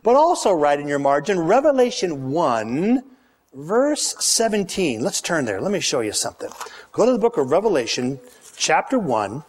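A man preaching in a high, bright voice that swings widely as he leads the congregation through scripture. He reads the verses with rising emphasis and prompts the listeners to say the words back with him. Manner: emphatic, calls for congregation responses. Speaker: pastor. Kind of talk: sermon.

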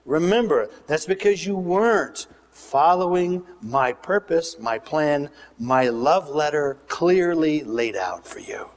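A man preaching a sermon as pastor, animated, swinging between loud bursts and hushed asides. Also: a little high, slow pace, hardly any pauses. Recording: reverberant hall.

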